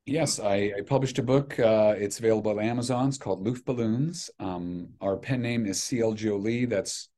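A middle-aged man talking as a podcast guest, an animated, self-deprecating storyteller who restarts his sentences a lot. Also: on the low side, normal speed, hardly any pauses. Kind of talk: casual chat.

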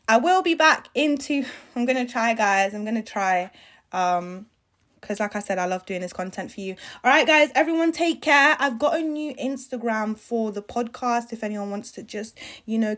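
Chatty young woman podcaster. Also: fairly high pitch. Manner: chatty, rambling, leaves sentences unfinished. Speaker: podcast host. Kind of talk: casual solo podcast chat.

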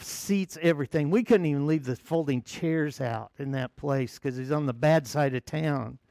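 A man's voice: a little high, gravelly, darkish tone, no room sound, clean studio sound. A man from the United States preaching a sermon as pastor, telling a story with chuckling asides.

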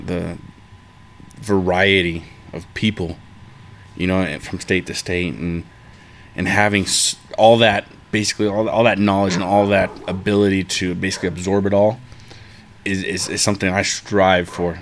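A man who works as a heavy equipment operator, talking as a podcast guest in a halting way full of restarts. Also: low-pitched, fairly even intonation, slight background noise. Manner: halting, many restarts and repeated words. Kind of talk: casual conversation.

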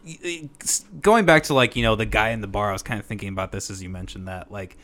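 A man hosting a podcast in casual conversation, blunt and quick to swear. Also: on the low side, a bit bright. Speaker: podcast host.

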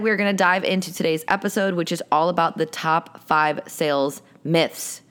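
A woman's voice: sits low, steady tone, normal speed, few pauses, fairly bright tone, clear, resonant tone. A young adult woman hosting a solo podcast, chatting casually and coaching with an upbeat, playful tone. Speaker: podcast host and sales coach.

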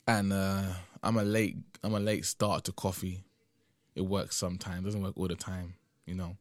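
A young man with a lowish voice talks through a solo podcast in a loose, rambling way. He keeps tacking "man" onto his sentences and sounds tired and drowsy. The sound is dry and close. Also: level tone, moderate pace, dry recording. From United Kingdom. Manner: rambling and conversational, often tagging "man". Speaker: podcast host. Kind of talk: casual solo podcast monologue.

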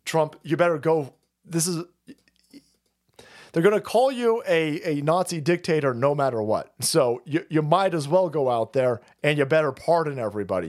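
A man hosting a livestream, giving crude, mocking political commentary and laughing at clips. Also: on the high side. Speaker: streamer host. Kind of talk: profane political commentary stream.

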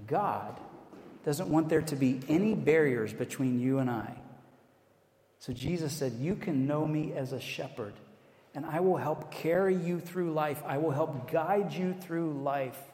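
An American man delivers a sermon in a relaxed, conversational way, dropping in self-deprecating asides. His voice sits a touch high for a man. The sound carries the long, echoey reverb of a large hall. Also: measured pace. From United States. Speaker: pastor.

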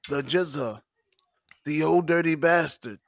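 A man doing an impression of a famous rapper as a slow, solemn, preachy sage. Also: on the high side, gravelly, no room sound. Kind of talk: impression in casual podcast chat.

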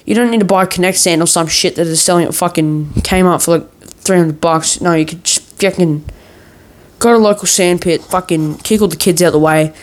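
A man's voice: sits high, moderate pace. A man in a worked-up, profane ranting monologue, swearing nearly every sentence as a vlogger.

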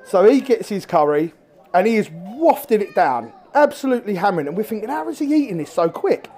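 This is a man with a high, light voice. He is a guest angler telling animated stories at a live talk, often laughing as he goes. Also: a little fast. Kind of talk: live stage storytelling.

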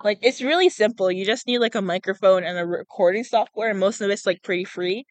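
A woman's voice: medium pitch, brisk, no room sound, poor audio. Young adult woman, casual read-aloud host, stumbles and giggles, dry cheap-mic sound. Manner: stumbles over words, laughs often, says "like" a lot. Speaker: podcast host reading a book aloud. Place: outdoors in a public spot. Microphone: cheap small microphone.

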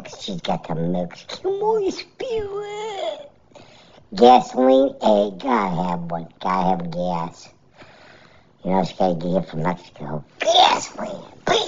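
A woman giving casual, joking MMA fight picks and grades, animated and laughing often, on a dull lo-fi recording. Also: extremely low pitch, gravelly.

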